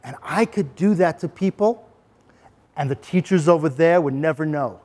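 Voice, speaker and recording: A middle-aged man presenting an anti-bullying workshop to parents, animated and acting out scenes. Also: fairly high pitch, moderate pace. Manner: animated, acts out scenes for the audience.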